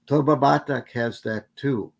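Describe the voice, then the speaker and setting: This guest lecturer has a creaky, mid-range voice and talks a little slowly. Answering questions in an academic Q&A, he goes on at length, rambling and correcting himself amid lots of fillers.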